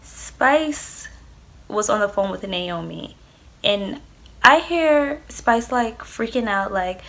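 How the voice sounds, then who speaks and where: A woman's voice: mid-range voice, expressive, slow, gravelly, fairly bright tone. A young adult woman casually telling a personal story, chatty and loose, swearing freely and filling her talk with "like" and "um". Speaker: vlogger.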